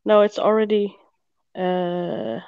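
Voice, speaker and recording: A soft-spoken woman chatting early in the morning on a video call, pausing and hesitating as she talks. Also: mid-range voice, steady tone, clean tone, dry recording. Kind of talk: casual chat. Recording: dull, muffled video-call audio.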